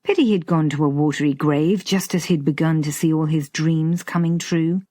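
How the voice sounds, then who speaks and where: A woman narrating a romantic comedy audiobook in a measured, lightly expressive way. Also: sits low, no room sound, clean studio sound. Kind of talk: scripted narration.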